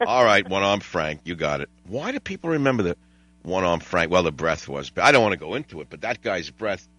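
A man's voice: sits low, big pitch swings, brisk, a bit bright, dry recording, lo-fi sound. An older man hosting a talk radio show, rambling wryly through stories and chatting with callers. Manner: digressive, wry, mimics voices and jokes with callers. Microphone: studio microphone.

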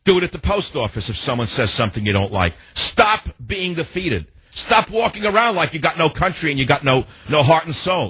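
An older man hosting a call-in radio talk show, combative and ranting, now and then rising to shouts. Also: medium pitch, animated, a little fast, husky, no echo, rough recording.

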